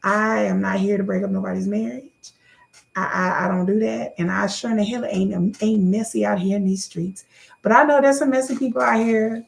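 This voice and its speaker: A woman vlogger chats to her viewers in a loose, sassy, joking way. Her voice has a gravelly, fry-laden edge and middling pitch, and it shoots up high when she gets excited. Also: moderate pace. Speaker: YouTube creator. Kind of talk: casual chat to camera.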